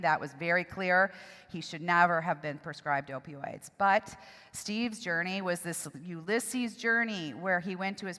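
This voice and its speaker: A middle-aged woman gives a personal testimony at a church seminar. Her voice sits fairly low, and she speaks emotionally, haltingly, with pauses and restarts. The sound rings with a long reverb from a church hall. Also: fairly bright tone.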